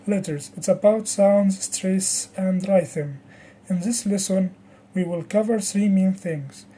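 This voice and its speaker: Slow, very mellow teacher's voice. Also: mid-range voice, a little hiss or hum, rough recording. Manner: slow, deliberate, over-articulates example words. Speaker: English teacher. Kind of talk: pronunciation lesson with repeat-after-me drills.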